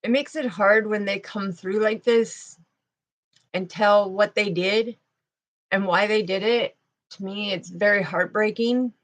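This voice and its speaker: Woman intuitive reader, emotional and halting, sadness in her voice, channeling messages. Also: mid-range voice, steady tone. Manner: halting, emotional, speaks slowly with pauses. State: tearful, sad voice. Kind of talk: spiritual channeling reading.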